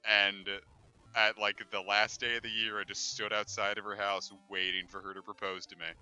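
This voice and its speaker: A man's voice: on the low side, little pitch movement, moderate pace, sharp tone, smooth, highs cut off, soft background music. A man hosting a game stream, telling stories and cracking crude, playful jokes in casual chat. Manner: joking, crude, playful banter. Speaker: let's play host. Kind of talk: casual chat over gameplay.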